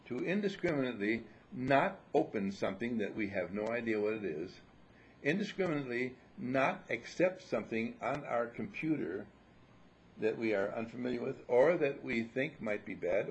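A man's voice: mid-range voice, slight background noise. An older man leading a group in a casual spiritual talk, playful and teasing as he lectures. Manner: lively, joking, playful lecturing.

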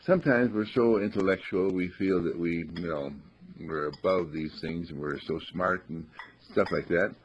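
A man giving a reflective spiritual talk, softly telling parables and briefly acting out the people in them. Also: deep voice, normal speed, slight background noise. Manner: soft-spoken storyteller, voices characters in quotes. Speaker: spiritual teacher. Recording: dull lo-fi recording.

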